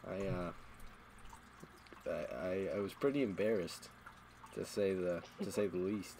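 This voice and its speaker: A man with a fairly low voice tells crude, self-mocking stories while streaming a game. He rambles along casually in a loose storytelling way, with a faint hiss under the voice. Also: fairly even intonation, a little slow, creaky, mellow, low-quality recording.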